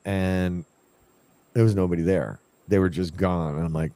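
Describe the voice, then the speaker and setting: Low-voiced man telling a ghost story. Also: a little slow, long pauses, smooth, dry recording. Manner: animated, acts out his own past lines. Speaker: paranormal investigator telling a story. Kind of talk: casual storytelling chat.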